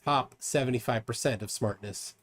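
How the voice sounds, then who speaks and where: A man's voice: mid-range voice, normal speed. A man hosting a casual livestream chat, teasing his guests and laughing often. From United States. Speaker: livestream host.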